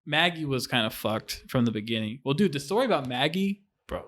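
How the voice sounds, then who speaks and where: A young man co-hosting a podcast in casual chat, slangy and joking, with quick interjections. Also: medium pitch, expressive, a bit bright. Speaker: podcast co-host.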